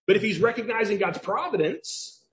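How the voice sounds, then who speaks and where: A man's voice: high voice, animated, moderate pace, a little hiss or hum. A man with a Southern US accent preaching a sermon as pastor, emphatic and questioning, repeating key phrases.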